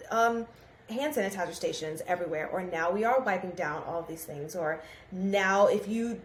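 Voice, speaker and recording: A woman co-hosting a horror podcast, leading the casual chat with long questions full of fillers. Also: on the low side. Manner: steers the talk with long, filler-laden questions. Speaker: podcast co-host. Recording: echoey room with faint background hiss.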